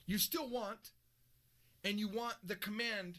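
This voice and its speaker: A man teaching a recorded language lesson, explaining with lively, joking examples. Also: sits high, unhurried. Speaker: Japanese teacher.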